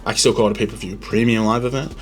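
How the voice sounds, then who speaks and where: A man's voice: fairly low pitch, steady tone, quick pace, faint music behind. Chatty man rambling with ums. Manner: rambling, opinionated, lots of ums and restarts. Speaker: podcast host. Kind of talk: casual reaction chat.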